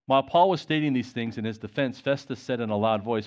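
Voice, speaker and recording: A man preaching a sermon, retelling conversations and reading scripture aloud in an animated way. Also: mid-range voice, fast, hardly any pauses, clean tone.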